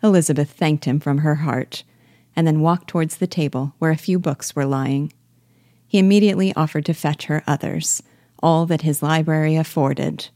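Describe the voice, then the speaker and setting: A woman reading a classic novel aloud with measured, expressive narration. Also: sits low, no echo, studio quality. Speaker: reader and teacher.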